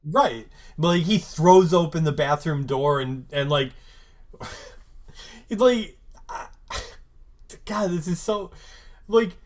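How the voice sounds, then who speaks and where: A man's voice: on the high side, slow, long pauses. A man hosting a podcast, recapping an episode in a rambling, casual way full of "like" and "um", sometimes getting worked up. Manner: rambling, lots of "like" and "um"; gets worked up and emphatic. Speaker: podcast host.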